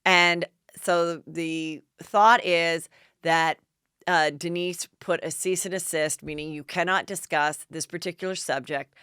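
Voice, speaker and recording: A woman's voice: lowish voice, fairly even intonation, measured pace, sharp tone, smooth, dry recording, clean studio sound. A woman hosting a podcast, chatting gossip with sarcastic asides. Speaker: podcast host. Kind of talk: gossip commentary.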